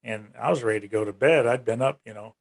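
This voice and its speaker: A man's voice: fast, creaky. A man guest on a podcast interview, telling a long personal story in a casual way and lifting his voice to act out what others said. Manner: retells events in long runs, raising his pitch to act out quoted speech. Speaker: UFO research organization director, guest.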